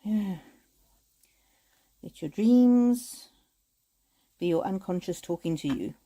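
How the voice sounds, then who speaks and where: A woman chatting with viewers on a live stream as an oracle card reader, speaking in gentle, repetitive affirmations with frequent hesitations. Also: medium pitch, lively intonation, slow pace, poor audio.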